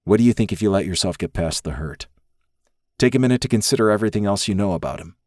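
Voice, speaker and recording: A man voicing a calm, protective male friend from a mob family, who asks steady, probing questions. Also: lowish voice, quick pace, no echo, studio quality, lightly acted.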